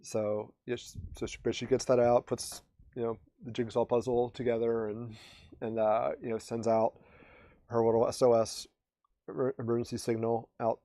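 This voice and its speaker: A man's voice: medium pitch, level tone, normal speed, warm tone, no echo. A man recapping TV episodes on a podcast in a casual, rambling way, with many restarts and fillers. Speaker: podcast co-host.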